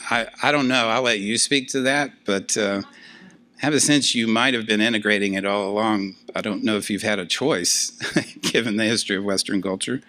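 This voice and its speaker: Bright-voiced older male professor lecturing. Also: lowish voice. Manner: conversational, many fillers, animated asides. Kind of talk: lecture to a class.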